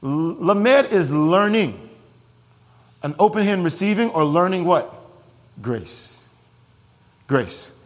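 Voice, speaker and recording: Pastor guy preaching, kinda high voice, big hall echo, repeats stuff and cracks jokes. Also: unhurried. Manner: animated, repeats phrases for emphasis, jokes with congregation. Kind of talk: sermon. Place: church sanctuary. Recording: long hall reverb.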